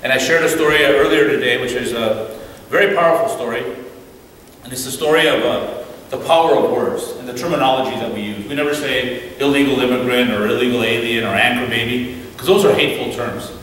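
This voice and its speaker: A man giving an animated storytelling talk as a guest speaker at a church, acting out the voices in his stories. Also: mid-range voice, fairly quick, a little hiss or hum. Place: church hall. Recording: echoey hall from far off, faint ambience.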